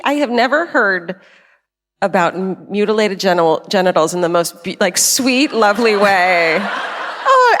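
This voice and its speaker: A woman's voice: medium pitch, fairly bright tone. A woman co-hosting a live comedy true-crime podcast on a theater stage, telling a story with lots of laughter and casual swearing. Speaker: podcast co-host. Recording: reverberant theater hall with faint crowd.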